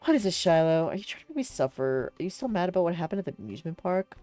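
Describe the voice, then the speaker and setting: A woman voicing Jeremy, a surly, scowling young man who sounds flat and unimpressed. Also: fairly low pitch, rapid-fire, soft background music. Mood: irritated.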